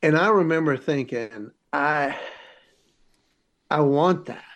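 Male comedian guest, lively storyteller, voices in his quotes, a little high-pitched. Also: slow. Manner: animated, acts out quoted voices. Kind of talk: storytelling interview.

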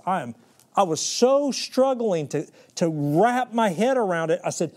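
A man preaching a sermon with a voice that sits a little high for a man. He is dramatic, dropping to soft, slow lines, then surging loud and fast. He often restarts and repeats words as he builds a point. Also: big pitch swings.

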